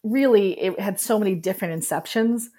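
A woman's voice: mid-range voice, fairly quick. Candid woman telling a personal story. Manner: candid, animated, laughs while telling. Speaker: guest, writer.

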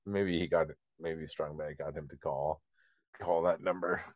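A man co-hosting a podcast in casual chat, chatty and quick to laugh. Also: a bass voice, steady tone, no room sound, muffled recording. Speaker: podcast co-host.

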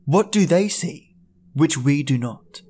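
A man with a voice pitched somewhat high reads a classic horror tale aloud for a podcast. He performs the first-person diary with a theatrical, tormented manner. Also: animated, slow, dark tone, slightly rough. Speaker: podcast narrator. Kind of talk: dramatic storybook reading.

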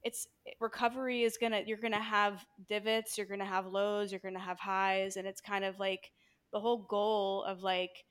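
Woman guest, nurse and yoga teacher, mid-pitched everyday voice, candid and casual, swears freely. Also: flat delivery, moderate pace, clear, resonant tone. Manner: candid and frank, swears casually, talks in loose run-on phrases. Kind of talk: casual conversational interview.

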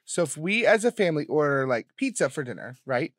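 Young man, podcast co-host, blunt, sarcastic, lively pitch, casual chat. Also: a little fast, dry recording, clean studio sound. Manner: blunt, sarcastic, swears freely.

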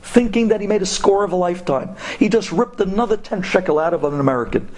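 A man telling a religious story to an audience of women, animated and dramatic, mixing in Hebrew terms. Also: sits high, fast. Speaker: speaker.

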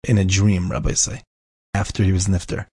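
A man's voice: deep voice, level tone, moderate pace, darkish tone, husky, no echo. A man telling an inspirational story, emphatic and repeating key phrases for effect. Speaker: inspirational speaker.

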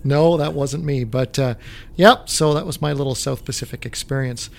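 A man from Canada, a music director, co-hosting a casual, relaxed chat about music history. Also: medium pitch, moderate pace, vocal fry.

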